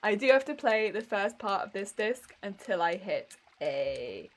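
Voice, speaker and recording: A woman's voice: mid-range voice, very animated, unhurried. A woman chatting casually while streaming a game, giggly and talkative, greeting viewers as she plays. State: recovering from a migraine. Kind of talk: casual gaming stream chat.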